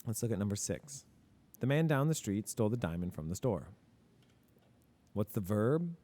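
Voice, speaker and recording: His voice sits on the lower side, warm and swinging widely in pitch, at a moderate pace. As a male teacher in a casual lesson, he talks through grammar examples, answers his own questions, and freely admits his mistakes.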